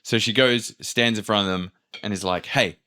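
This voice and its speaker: A man's voice: lowish voice, moderate pace, clean tone. A man hosting a podcast, telling a travel story in casual chat, swearing freely and acting out what people said. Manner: animated, swears freely, acts out quotes. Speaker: podcast host.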